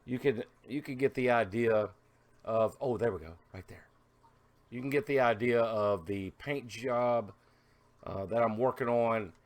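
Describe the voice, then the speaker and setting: A man's voice: medium pitch, measured pace. Rambling man vlogging his car project. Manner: rambling, animated storytelling with laughs. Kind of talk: casual vlog chat.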